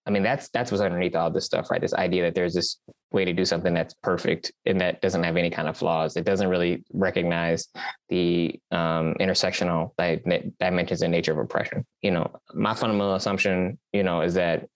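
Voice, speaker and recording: A man's voice: sits low, flat delivery, a little fast, no echo. A man hosting a podcast discussion, talking earnestly and emphatically, often checking in with "right?". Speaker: podcast host. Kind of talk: conversational discussion.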